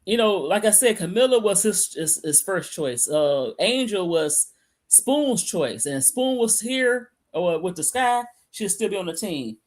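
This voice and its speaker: Animated and measured, this Michigan woman's mid-range voice carries a slight mellowness as she co-hosts a casual sports podcast. She speaks off-mic from her computer over a remote call, rambling and restarting a lot.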